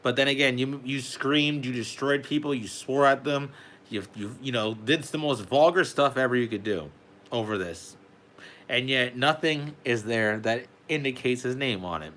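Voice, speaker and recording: A man's voice: medium pitch, normal speed, a bit bright. A young man, delivering a heated, profane political rant to camera and peppering his talk with "bro". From Canada. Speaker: vlogger.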